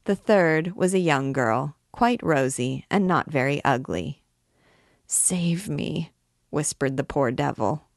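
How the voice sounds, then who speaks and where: A woman narrates a classic novel in a measured audiobook reading. Her voice is low and her pace is slow and deliberate. The recording is close and dry, with no room sound. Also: no room sound. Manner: measured, even storytelling.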